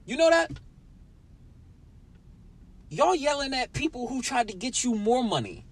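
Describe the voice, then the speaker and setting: A man's voice: very high voice, very animated, measured pace, slight background noise. A young man hosting a podcast, ranting with lots of swearing and talking straight at his listeners in a sour, angry mood. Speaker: podcast host. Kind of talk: profane solo podcast rant.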